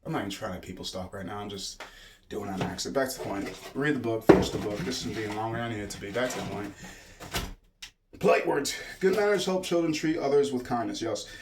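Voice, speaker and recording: A man's voice: lowish voice, expressive, fast talker, heavy background noise. A man casually reading a children's book aloud, stopping often to ramble and joke. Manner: digressive, jokey, stop-start reading.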